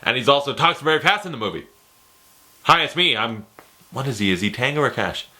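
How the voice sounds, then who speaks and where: A young man giving casual, animated, profane commentary while ranking movies, often slipping into impressions. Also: mid-range voice, rapid-fire. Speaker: movie reviewer.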